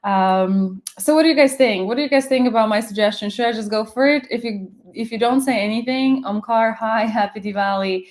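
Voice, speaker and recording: A woman's voice: fairly high pitch, a little fast, hardly any pauses. Chatty Slovak woman hosting a live stream. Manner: rambling and chatty, greets viewers by name, many fillers. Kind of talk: casual live-stream chat.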